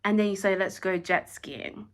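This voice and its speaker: A woman giving a casual, animated opinion review of a reality show, acting out quotes from the cast and saying "like" often. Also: mid-range voice, normal speed, background noise. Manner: animated, acts out quotes, frequent "like".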